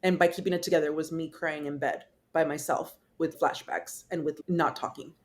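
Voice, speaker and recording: A woman's voice: low voice, steady tone, moderate pace. A young woman, a podcast guest, telling her personal story in a candid, casual way with swearing, fillers and restarts.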